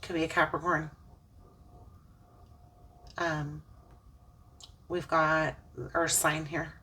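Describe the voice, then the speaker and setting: A woman's voice: low-pitched, level tone, drawn-out words, pushed and bright, distant mic. A woman giving an earnest, emotional spiritual tarot reading, preaching about faith as she turns the cards. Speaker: tarot reader.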